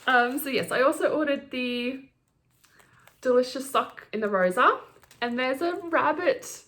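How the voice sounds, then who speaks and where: A middle-aged woman hosting her knitting podcast, chatting quickly and gushing as she unboxes yarn. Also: sits high, a bit bright. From Australia. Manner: gushing, fast-talking, giddy. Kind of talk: casual chat, yarn unboxing.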